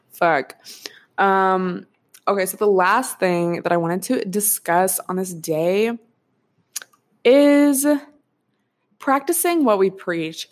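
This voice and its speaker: Young woman podcasting solo, super chatty, swears a lot, laughs between thoughts, mid pitch. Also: extremely slow, pauses often. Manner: chatty, frank, swears freely, laughs often. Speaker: podcast host. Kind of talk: casual solo podcast chat.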